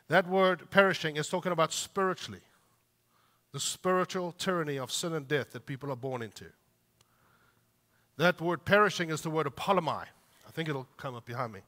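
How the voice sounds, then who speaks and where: A man preaching in a sermon style, his voice set a little high and bright. He pushes hard on the scripture he reads and sinks softly into asides. A long hall reverb trails behind each phrase. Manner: emphatic preaching, rising on read scripture and dropping low for asides. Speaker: pastor.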